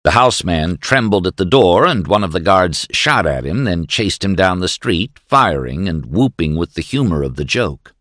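A man reading a novel aloud as narrator in a measured, expressive storytelling manner. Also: low-pitched, no echo, studio quality. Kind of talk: audiobook narration.

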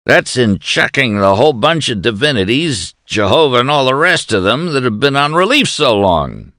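A man voicing a drunken male official who jeers and shouts insults in a high, slow, slurring voice. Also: sing-song, dry recording, studio quality, heavily acted. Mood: sneering. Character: drunken bullying male official, loud and sneering.

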